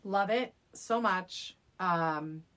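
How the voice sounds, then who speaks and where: A woman's voice: on the low side, extremely slow, a bit bright. A woman co-hosting a podcast in casual chat, agreeable and laughing along. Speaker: podcast co-host. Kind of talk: casual chat reviewing a film.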